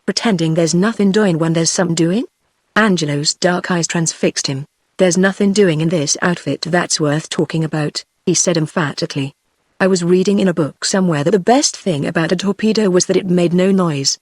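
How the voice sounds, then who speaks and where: A synthetic text-to-speech voice narrates a novel in a steady, evenly paced read, voicing every character the same way. The sound is dry and close, with no room around it. Pitch sits in a middle register. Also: no room sound. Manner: even synthetic reading of dialogue and narration.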